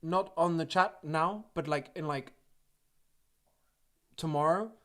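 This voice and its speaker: A man with a fairly high voice chats loosely at the close of a livestream concert. He jokes, giggles and drifts from one thought to the next. It sounds like an informal living room setting. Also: takes it slowly, a bit bright. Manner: joking, giggly, rambling. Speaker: musician hosting a livestream concert. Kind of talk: casual chat. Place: living room music space.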